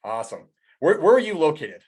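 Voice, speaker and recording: A man's voice: a little high, sing-song, brisk, a little mellow, husky. Laid-back, rambling male podcast host. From United States. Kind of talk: casual interview hosting.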